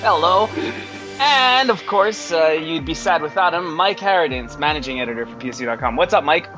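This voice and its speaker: A man's voice: a little high, lively intonation, fairly quick, music in the background. A man hosting a casual gaming podcast, joking and swearing with his co-hosts and laughing often. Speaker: podcast host.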